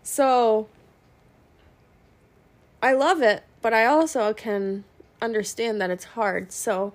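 A young woman hosting her own podcast in a casual, rambling way, frank and swearing, with many ums and pauses. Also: fairly high pitch. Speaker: podcast host.

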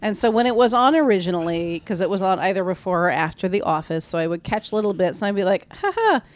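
A woman co-hosting a casual comedy podcast, animated and teasing. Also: fairly low pitch. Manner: animated, teasing, quick jokes.

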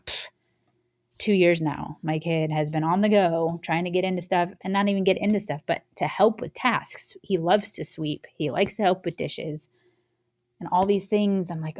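A woman's voice: low-pitched, fairly even intonation, moderate pace, darkish tone. A young woman hosting a parenting show, talking casually and acting out little scenes in different voices. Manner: chatty, acts out little scenes with changing voices. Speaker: parenting podcast host. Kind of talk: casual solo talk.

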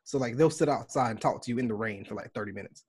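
A man from the United States, a podcast guest, telling stories in casual chat and acting out the quotes with lively energy. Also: medium pitch, fast, breathy edge. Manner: animated storytelling with acted-out quotes.

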